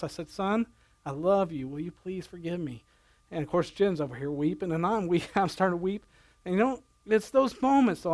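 A middle-aged man preaching a sermon, moving between hushed personal storytelling and emphatic, conversational points. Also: high voice. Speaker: pastor.

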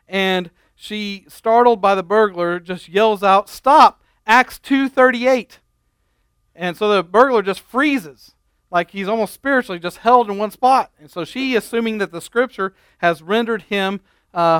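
A man preaching a sermon, a folksy storyteller telling humorous stories at an unhurried pace with frequent ums and restarts. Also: sits high, a bit bright, clear, resonant tone, no room sound. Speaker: pastor.

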